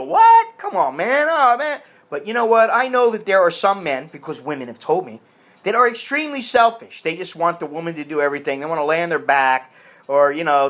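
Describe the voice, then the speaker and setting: Blunt American man with lively swings. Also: high voice. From United States. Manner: blunt and crude, puts on mocking voices for quotes. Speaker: vlogger giving advice. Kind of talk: casual advice monologue.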